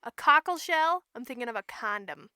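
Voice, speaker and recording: A woman co-hosting a podcast, joking loudly and crudely among friends. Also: a little high, animated, moderate pace, clean tone, no echo, clean studio sound. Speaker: podcast co-host. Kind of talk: casual chat.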